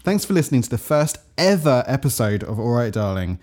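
A man's voice: mid-range voice, big pitch swings, a little fast, over loud music. A man co-hosting a podcast in casual chat, playful and crude, often laughing. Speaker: podcast co-host.

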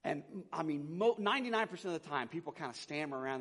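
A middle-aged man preaches as a pastor with a slightly raised, bright pitch, talking conversationally and swinging from loud emphasis to soft asides. His voice rings out with a long reverb tail, as in a large hall. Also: big pitch swings, a little fast, breathy edge. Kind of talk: sermon.

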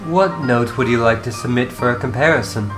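A woman voicing a calm, formal, dryly witty young female troll in a fan reading of chat logs. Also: rumbling low, music in the background. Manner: measured, formal wording with dry humor.

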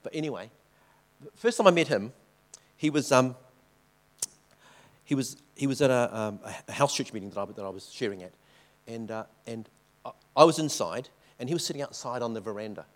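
A man's voice: medium pitch, animated, a little fast, pauses often. Chatty man telling a mission story. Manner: chatty, keeps checking in with the audience. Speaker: missionary speaker. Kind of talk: informal church talk with slides.

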